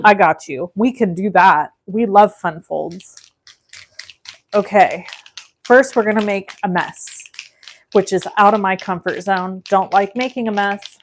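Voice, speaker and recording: A woman's voice: mid-range voice, measured pace, slight background noise. A woman in her forties hosting a live card-making demonstration, chatting directly to her viewers as she works.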